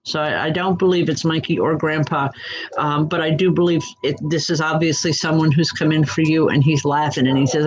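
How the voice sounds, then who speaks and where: A woman plays a reverend and psychic medium, offering live readings gently and reassuringly while addressing viewers by name and using lots of "um." Her voice is low and steady, fairly quick, with slight background noise on a low-quality recording.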